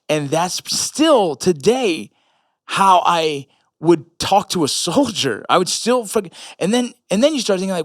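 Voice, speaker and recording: A man's voice: sits high, very animated, a little slow, fairly bright tone, no echo, clean studio sound. A man in his thirties, an army veteran and father, talking casually into the camera in a blunt, profane, rambling way. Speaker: military veteran and father sharing reflections. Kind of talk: casual vlog talk.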